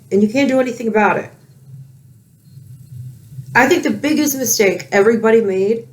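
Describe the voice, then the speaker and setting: A woman with children, ranting angrily in a heated commentary, swearing often. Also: mid-range voice. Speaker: political commentary vlogger.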